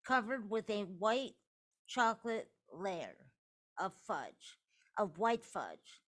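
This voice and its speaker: A woman's voice: mid-range voice, sing-song, slow, a bit bright. A woman co-hosting a casual podcast chat, explaining things in an orderly, informative way. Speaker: podcast co-host.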